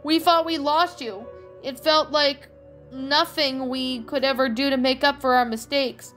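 A woman's voice: high-pitched, steady tone, unhurried, fairly bright tone, faint music behind. A woman voicing an ashamed, tearful young male puppy in a fan fiction reading, with an emotional delivery. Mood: remorseful.

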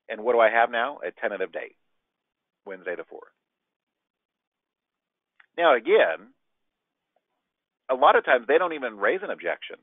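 A man with a medium-pitched voice talks at normal speed, leaving long pauses; there's no room sound, and the line is dry, tinny, and phone-like. He teaches sales with animation, acting out short exchanges with clients in role-played dialogue.

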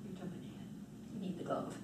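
Expressive woman storyteller in an echoing hall. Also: fast, background noise. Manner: expressive, dramatic. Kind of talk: storytelling performance. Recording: roomy distant hall mic.

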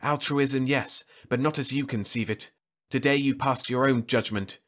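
A man's voice: mid-range voice, steady tone, moderate pace, a bit bright, pitched above the performer's own voice, natural voice. A man doing a cold, ironic voice of judgment. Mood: cold verdict. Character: cold, ironic male voice in the mind.

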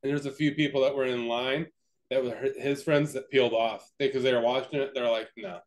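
A man's voice: medium pitch, fairly even intonation, fairly quick. Young guy rambling thru a story on his podcast, lots of likes and ums, swears a bunch. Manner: rambling, profane, lots of fillers and restarts. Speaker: podcast co-host. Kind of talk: casual chat.

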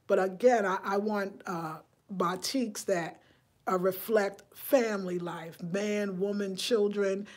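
A chatty woman talks to her viewers on a casual live stream from inside her home. She keeps it lively and personal, and she asks them questions as she goes. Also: mid-range voice. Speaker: vlogger.

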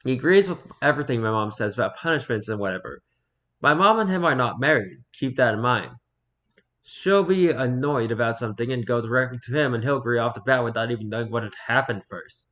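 A man reading online stories aloud in a casual, halting way, stumbling over words and breaking off to comment. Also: medium pitch, animated, a bit bright. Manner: reads haltingly, stumbles and repeats words, then comments offhand.

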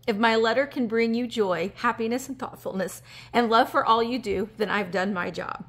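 A woman, chatting casually on a handheld phone vlog as she reads fan mail and opens a gift, emotional and gushing with breathy gasps. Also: a little high, moderate pace. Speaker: vintage reseller vlogger. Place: indoors at a table. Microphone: handheld phone camera.

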